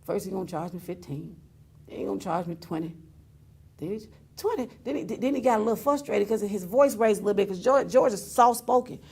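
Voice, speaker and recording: A woman's voice: mid-range voice, animated, fairly quick, creaky, a little mellow, breathy edge. A woman hosting a talk show, telling a long story with frequent laughter and exclamations. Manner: laughing often, mimicking others in quotes, exclaiming. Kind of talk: animated storytelling monologue.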